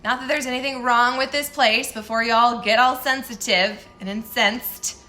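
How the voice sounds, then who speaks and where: Bright-voiced chatty woman vlogging. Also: fairly high pitch, steady tone, moderate pace, faint music behind. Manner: chatty, candid and self-deprecating, laughs often. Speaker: fitness coach. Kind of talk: casual morning vlog chat.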